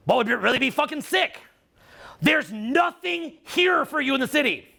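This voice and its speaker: A man's voice: extremely high pitch, expressive, normal speed, gravelly, bright, forceful tone. A middle-aged Canadian man with a Canadian accent giving a live seminar talk, profane and teasing. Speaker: seminar speaker.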